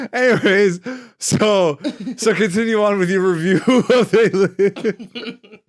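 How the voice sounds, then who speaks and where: Loud, laughing podcast host man. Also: sits high, takes it slowly, no room sound, clean studio sound. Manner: loud, laughing, profane banter. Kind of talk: casual podcast chat.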